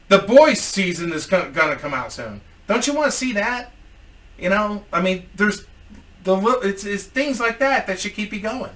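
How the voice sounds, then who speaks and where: Man, casual vlog storytelling, profane rambling, fairly high voice, heard from off the mic. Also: lively intonation, normal speed, pushed and bright, distant mic. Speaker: YouTuber.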